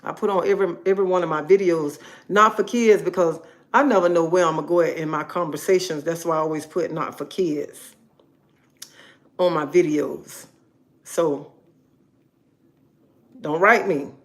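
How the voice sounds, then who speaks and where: A woman's voice: low voice, fairly even intonation, moderate pace. A woman hosting a casual livestream, talking in a bossy, scolding way, repeating herself and checking in with "okay?". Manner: bossy, repetitive, scolding, keeps asking okay. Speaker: livestream host.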